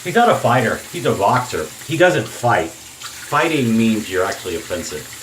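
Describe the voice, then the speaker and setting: A man's voice: lowish voice, very animated, moderate pace, fairly bright tone, a little hiss or hum, low-quality recording. A man hosting a shaving channel, rambling through an opinionated casual monologue and often cutting himself off mid-sentence. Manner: opinionated, rambling, self-interrupting.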